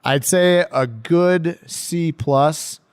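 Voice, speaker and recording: A man, a professional hockey player, telling stories in a casual podcast interview, laughing often and getting loud when excited. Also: a little high, extremely slow, clean tone. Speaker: pro hockey defenseman guest.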